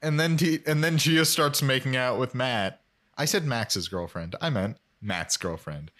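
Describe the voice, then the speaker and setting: A man chats casually on a podcast, recapping a sitcom episode with dry humor. His pitch sits in a middle range. He slips quoted lines into his retelling at a brisk clip. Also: a bit bright. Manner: wry, narrates the episode plot with quick quoted asides. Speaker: podcast host.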